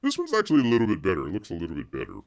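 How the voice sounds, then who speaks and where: A man's voice: sits low, huge pitch swings, very fast, vocal fry. A middle-aged man hosting a casual livestream, sarcastic and rambling, full of fillers and restarts, calling himself by name in the third person. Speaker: livestream host.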